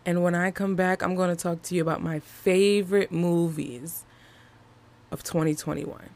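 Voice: mid-range voice, steady tone, moderate pace, darkish tone. A movie reviewer talking casually to viewers in a chatty, emphatic way, often repeating phrases for effect. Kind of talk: casual video commentary.

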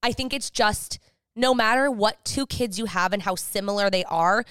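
Chatty young woman, smooth clear voice. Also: mid-range voice, normal speed, fairly bright tone, dry recording, studio quality. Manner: chatty, emphatic, exaggerating for effect. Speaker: podcast co-host. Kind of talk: casual chat.

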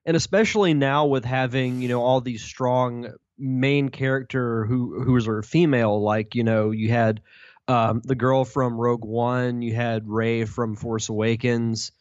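A man's voice: medium pitch, steady tone, a little slow, no echo. Easygoing male podcast co-host, dull sound. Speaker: podcast co-host reading news. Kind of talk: casual chat and news reading.

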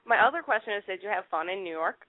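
A woman's voice: mid-range voice, animated, quick pace, dry recording. A woman in her twenties calling into a podcast, shy and hesitant, with lots of fillers. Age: 20s. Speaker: caller. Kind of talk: casual phone call. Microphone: phone. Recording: dry tinny phone line.

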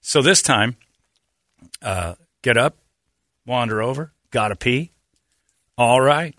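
A man holds the floor in a casual podcast chat, spinning an animated story and jumping into the voices of everyone in it. His tone is bright and forward, and the recording is close and dry. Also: medium pitch, slow, no room sound. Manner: animated storyteller who acts out dialogue.

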